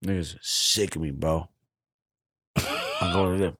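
A man co-hosting a podcast in casual chat, telling animated, profane stories and mimicking other people's voices. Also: low voice, takes it slowly, husky, dry recording, clean studio sound. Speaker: podcast co-host.

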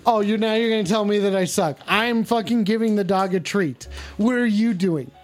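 Dude on a livestream cussing out his chat, all exasperated and rambly, slows down then rushes, faint music in the back. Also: sits high. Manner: profane, exasperated, scolding viewers; drawn-out emphatic lines mixed with quick asides. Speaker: livestream host taking call-ins.

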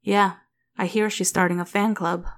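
A woman voicing a soft-spoken, wry young father who speaks gently and tentatively. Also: medium pitch, flat delivery, moderate pace, close to an everyday voice. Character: worried young father, man in his thirties, wry.

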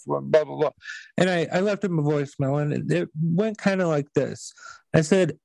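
A man's voice: a little high, normal speed, gravelly, a little mellow, no echo, low-quality recording. A man hosting a podcast, telling stories in casual chat with blunt, profane language. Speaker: podcast host.

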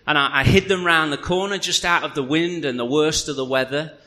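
A man preaching a sermon, telling a humorous personal story in a chatty, animated way. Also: a little high, brisk. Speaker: pastor. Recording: reverberant hall.

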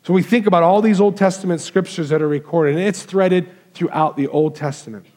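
High-voiced pastor preaching to a congregation. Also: male voice, brisk. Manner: warm, conversational preaching, walks into the crowd asking kids questions. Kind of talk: Christmas sermon, talking with children.

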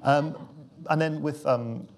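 A man's voice: on the high side, steady tone, slow. A male interviewer asking long, multi-part questions.

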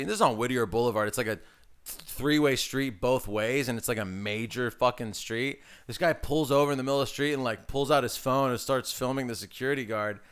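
A man co-hosting a podcast in casual comedic chat, blunt and crude, telling quick stories from work. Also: medium pitch, a bit bright, clear, resonant tone. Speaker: podcast co-host.

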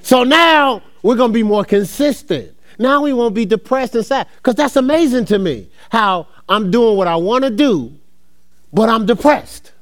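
A very high, animated male voice at normal speed belongs to a middle-aged New Jersey preacher. He relays his sermon through relaxed personal stories, laughing a lot and calling his audience y'all.

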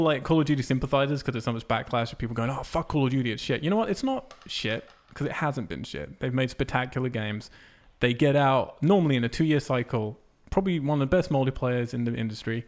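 A man's voice: medium pitch, a little fast, hardly any pauses. Ranting man on a casual chat show. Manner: animated, profane ranting with laughs.

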